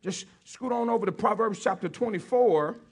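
Male pastor, high husky voice, playful preaching with call-and-response. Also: normal speed. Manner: joking with the congregation, calling for responses; repeats key phrases for emphasis. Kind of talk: sermon.

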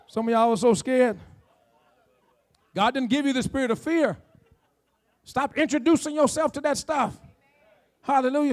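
High-voiced preaching man. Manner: preaching with rising shouts and call-outs to the congregation. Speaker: pastor. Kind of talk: sermon.

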